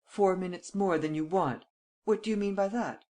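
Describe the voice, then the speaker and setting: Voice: medium pitch, very animated, close to an everyday voice. A reader voicing a blustering, impatient French premier. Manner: blustering, quick to exclaim.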